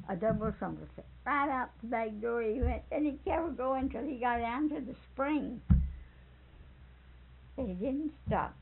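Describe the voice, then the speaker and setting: A woman's voice: fairly high pitch, vocal fry. An older woman telling a rambling family story, chuckling and correcting herself as she goes. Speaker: storyteller interviewee. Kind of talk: folksy anecdote telling. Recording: tinny phone-like tape with faint hiss.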